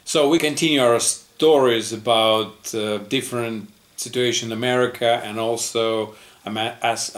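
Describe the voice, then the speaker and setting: Low-voiced Russian-accented male teacher. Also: fairly bright tone. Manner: patient, explaining step by step with frequent pauses. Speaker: English teacher. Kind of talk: explanatory video lesson.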